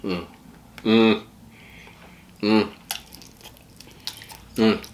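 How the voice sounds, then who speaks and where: A man's voice: fairly low pitch, steady tone, extremely slow, roomy sound, a little hiss or hum. A man hosting a casual eating vlog, chatting with his mouth full about the food. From West Indian family. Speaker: mukbang host.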